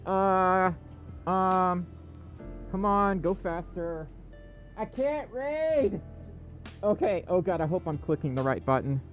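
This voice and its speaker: A male livestream host chatting casually with viewers, excitable and self-deprecating. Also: high voice, measured pace, dull audio, soft background music.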